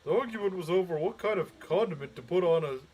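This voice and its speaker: A man's voice: high voice, lively intonation, fast, a little mellow, a little hiss or hum. Figure: a man doing an earnest, aggrieved listener letter. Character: earnest young man writing to a radio show.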